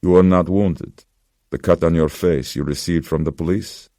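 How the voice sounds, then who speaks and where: A man voicing a somber old pawnbroker who speaks in a slow, grave, measured way. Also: deep voice, fairly even intonation, mellow, no room sound, clean studio sound, close to an everyday voice. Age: older.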